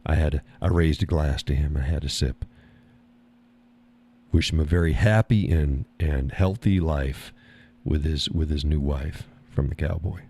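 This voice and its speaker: A man's voice: very deep voice, a little slow, mellow, husky. A man hosting a live stream, chatting casually and reading the chat, folksy and easygoing, often repeating his own phrases.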